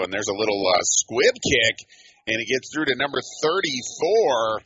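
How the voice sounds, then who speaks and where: A man calling a local high school football game on the radio, chatty and folksy, getting excited on big plays. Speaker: play-by-play announcer. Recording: muffled radio broadcast with faint hiss.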